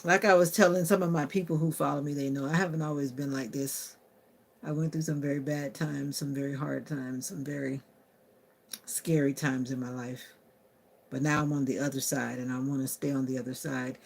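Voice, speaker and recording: A woman's voice: very deep voice, steady tone, moderate pace, creaky. A woman chatting casually on a live stream, answering viewer comments aloud and talking to her phone. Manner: talks to her phone assistant.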